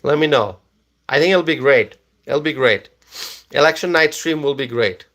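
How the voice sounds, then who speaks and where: A man hosting a casual live stream, tired after a long day, talking slowly and repeating himself as he reads viewer comments aloud. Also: medium pitch, a bit bright.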